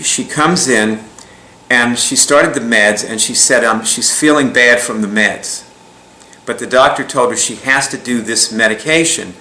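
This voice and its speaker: Bright-voiced man telling a story in an echoey room. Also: mid-range voice. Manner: chuckles often, rambling with restarts. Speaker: speaker recounting a client story. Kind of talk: casual storytelling talk.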